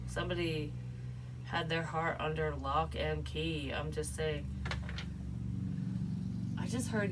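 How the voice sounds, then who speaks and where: A middle-aged woman with a low voice gives a casual, rambling tarot reading. She talks frankly and swears freely. Faint background noise sits under her voice. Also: takes it slowly, long pauses, distant mic. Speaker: psychic tarot reader.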